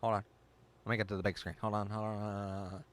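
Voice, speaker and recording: An excitable man hosting a casual livestream, reading chat aloud and reacting with gasps. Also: on the low side, quick pace, slight background noise. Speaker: livestream host.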